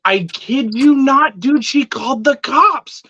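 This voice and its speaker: A man with a high, sharp, bright voice tells a story casually and with lots of energy, swearing freely and acting out each exchange. The sound is dry and close, with a dull, lo-fi quality. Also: slow, no echo. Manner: animated, swears freely, acts out quotes. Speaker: reptile keeper telling a story.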